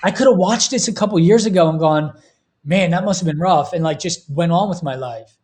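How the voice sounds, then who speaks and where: A man's voice: high voice, fairly quick, a little mellow. Earnest, heartfelt man on a podcast. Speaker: podcast host. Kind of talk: casual podcast chat.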